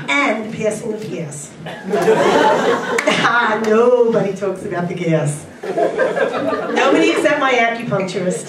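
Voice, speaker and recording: A middle-aged woman performs a stand-up set with slow, drawn-out timing and a lively, swooping pitch. She is recorded from far off in an echoey space, with loud crowd ambience behind her. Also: very noisy. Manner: punchy, drawn-out delivery with laughs. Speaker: stand-up comedian. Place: convention stage. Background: audience laughter.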